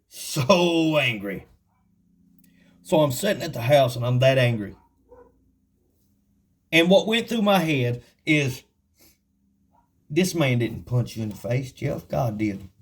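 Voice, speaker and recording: A man teaching the Bible in a casual, folksy storytelling way, with frequent laughs, and reading scripture slowly and deliberately. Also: fairly high pitch, slightly rough.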